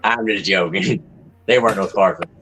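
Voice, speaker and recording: A man's voice: deep voice, normal speed, a bit bright, slight background noise, poor audio. A man chatting and teasing, telling a rowdy story with a laugh. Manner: teasing, joking, laughs often. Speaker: podcast regular. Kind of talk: casual chat, storytelling.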